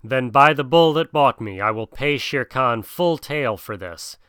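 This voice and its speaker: A man voicing an earnest, bold young boy raised by wolves in a storybook reading, speaking higher and eagerly. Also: animated, measured pace, a bit bright, smooth, no echo, clean studio sound. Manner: higher and eager, sometimes sullen.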